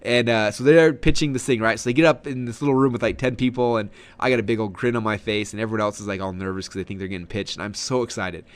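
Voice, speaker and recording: A man coaching on online sales in a webinar lesson, energetic and salesy, with frequent restarts. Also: on the low side, fast, hardly any pauses, clear, resonant tone. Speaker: marketing coach. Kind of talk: webinar teaching.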